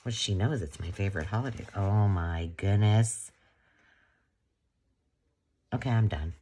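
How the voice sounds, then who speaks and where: A woman's voice: a bass voice, measured pace, dark tone, slight background noise. A woman hosting a crafting channel, chatting casually and gushing as she unboxes a gift.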